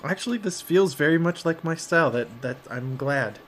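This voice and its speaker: A man chatting casually during an art stream, with a dry, deadpan sense of humor. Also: on the high side, normal speed, a little hiss or hum. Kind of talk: casual chat while drawing on stream.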